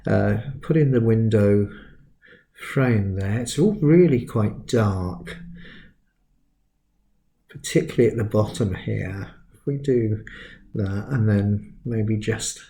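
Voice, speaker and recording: A man in his fifties giving a relaxed sketching tutorial, chatty and self-deprecating, drifting into stories as he works. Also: lowish voice, slow pace, gravelly, long pauses, roomy sound, slight background noise. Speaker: art tutor.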